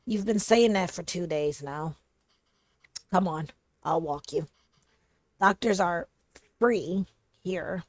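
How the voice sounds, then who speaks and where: A woman reading aloud as a worried, practical young immigrant husband, in a soft, subdued voice, a little lower and slower than her own. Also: no room sound. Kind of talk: reading game dialogue aloud.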